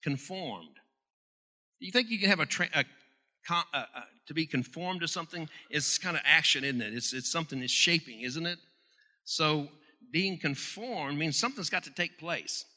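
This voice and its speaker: A male pastor delivers a sermon with a bright, ringing voice that sits a little high for a man. He drives each question upward with emphasis and often restarts his phrases as he goes. The sound carries the long reverb of a large church hall. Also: lively intonation, normal speed.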